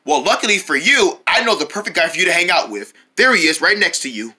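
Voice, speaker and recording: A narrator of a homemade cartoon, speaking slowly and solemnly. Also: mid-range voice, lively intonation, pushed and bright, husky.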